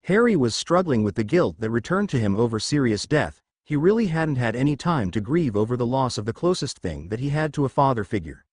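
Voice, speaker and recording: A man narrating a fan fiction story in a steady, expressive storytelling voice. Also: mid-range voice, a little fast, hardly any pauses, no echo, clean studio sound.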